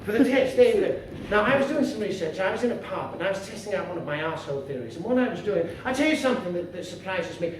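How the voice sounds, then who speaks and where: A man doing stand-up as a bumbling, pompous character who turns quickly indignant, recorded on stage at a comedy club. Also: high-pitched, animated. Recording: very echoey room from far off, noisy.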